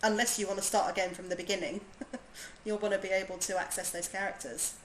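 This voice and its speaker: A woman's voice: medium pitch, steady tone, a little fast, a little hiss or hum, poor audio. A woman from southern England with a southern English accent, chatting bubbly and casually with viewers while she streams a game. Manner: chatty, bubbly, laughs easily. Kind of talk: casual gaming stream chat.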